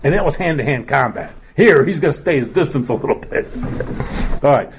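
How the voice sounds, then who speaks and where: A man's voice: a little high, lively intonation, brisk, a little hiss or hum. A man teaching a Bible lesson in a chatty, joking way, often laughing.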